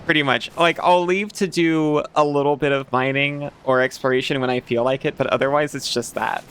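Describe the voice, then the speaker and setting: Halting man in casual game chat. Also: fairly high pitch, fairly even intonation, fairly bright tone, slight background noise. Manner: halting, with many restarts and trailing phrases. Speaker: gaming streamer.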